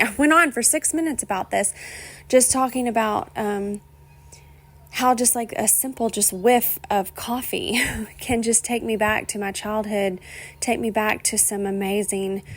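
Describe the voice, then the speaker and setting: Rambling, chatty woman podcaster. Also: medium pitch. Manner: rambling, chatty, laughs often, swears casually. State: emotional, near tears. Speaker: podcast host. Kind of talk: rambling solo podcast monologue.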